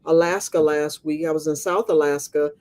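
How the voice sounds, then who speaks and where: A man's voice: a little high, fairly even intonation, normal speed, darkish tone. A man hosting an online interview in a chatty, conversational way. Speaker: host. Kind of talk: casual interview.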